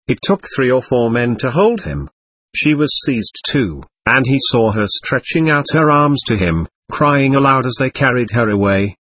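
A man reads a classic novel aloud with a husky voice and lively, swinging pitch. The delivery is expressive and dramatic. It is recorded dry and close, with no room sound. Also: no room sound. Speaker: narrator. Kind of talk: audiobook narration of a classic novel.

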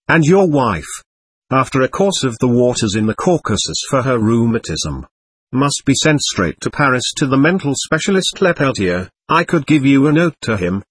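A man's voice: medium pitch, slightly rough, no echo. A man doing a curt, pompous doctor. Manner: curt, emphatic, offhand. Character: stern, impatient, pompous male society doctor. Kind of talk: audiobook character voice.

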